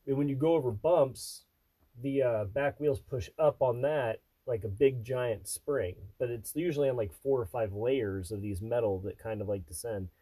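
A middle-aged man, a father co-hosting a casual podcast, who rambles with fillers and teases in a relaxed way. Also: mid-range voice, normal speed, breathy edge, dry recording, poor audio. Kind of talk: casual chat.

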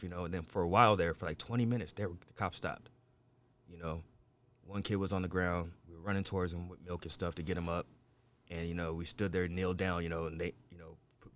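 A man in casual group chat, telling a rambling, profane story packed with "you know" and "like". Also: low-pitched. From United States.

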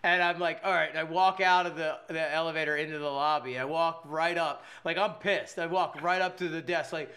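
A young man with a high, bright voice tells a long story in casual chat. His delivery is rambling and animated, full of filler words, and he keeps breaking into laughter. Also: a little fast, hardly any pauses. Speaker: podcast co-host telling a story.

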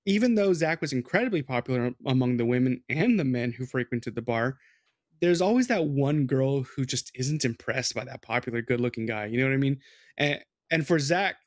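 A man's voice: mid-range voice, no echo, studio quality. A man hosting a podcast, telling a true-crime story in a loose, chatty way with swearing and asides to his co-host.

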